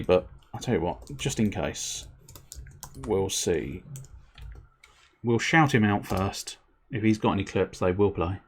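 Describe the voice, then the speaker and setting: Gravelly low-voiced streamer. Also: male voice. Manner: rambling, self-deprecating, swears casually. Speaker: livestreamer. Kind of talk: casual stream chat.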